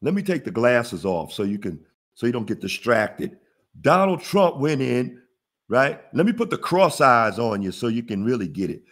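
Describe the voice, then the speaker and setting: Animated man teaching a money webinar. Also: medium pitch, normal speed. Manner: preachy, call-and-response, laughs at own jokes. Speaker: webinar host, business funding teacher. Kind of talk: casual motivational webinar teaching.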